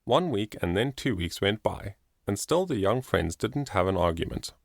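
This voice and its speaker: A man narrating an audiobook in an expressive storytelling manner. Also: fairly low pitch, moderate pace, creaky, dry recording, clean studio sound. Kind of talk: scripted narration.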